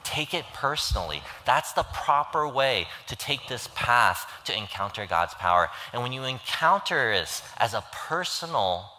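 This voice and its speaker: A man's voice: mid-range voice, big pitch swings, unhurried, hardly any pauses, sharp tone. A man preaching a sermon in earnest, pleading tones, retelling a story and acting out its voices. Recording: long hall reverb.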